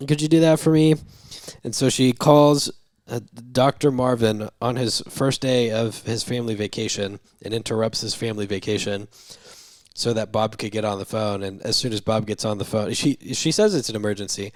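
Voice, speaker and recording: A young man co-hosting a film podcast who walks through the plot in a chatty way and slips into the characters' lines. His voice sits a bit low, and the sound is dry and close. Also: fairly even intonation, brisk, no echo. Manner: retells scenes, acting out the lines. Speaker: podcast co-host. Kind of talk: casual movie-review chat.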